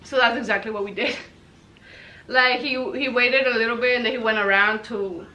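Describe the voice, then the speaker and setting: A young woman telling a funny personal story to camera in a casual, animated way, swearing freely and acting out what everyone said. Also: on the high side, fairly quick, low-quality recording. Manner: animated, swears freely, acts out quoted lines. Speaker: storytelling vlogger.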